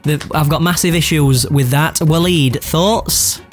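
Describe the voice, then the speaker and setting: A man's voice: a little high, measured pace, soft background music. A man, playing a chatty comic radio judge who calls everyone love. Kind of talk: camp comedy radio banter.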